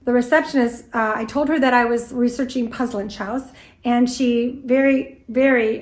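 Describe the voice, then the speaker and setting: An American woman in middle age tells a story in an animated, anecdotal way, briefly acting out what people said. Her voice sits a little high for a woman. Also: moderate pace. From United States. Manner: lively anecdotal storytelling, with quoted dialogue. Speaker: guest speaker on antique doll history. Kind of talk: storytelling presentation.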